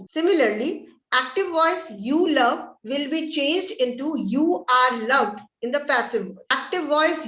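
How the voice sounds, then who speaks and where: A woman with an Indian English accent, teaching an online grammar lesson and reading example sentences slowly and methodically. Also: high voice, fairly bright tone, reverberant, low-quality recording. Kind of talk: online grammar lesson over a shared screen.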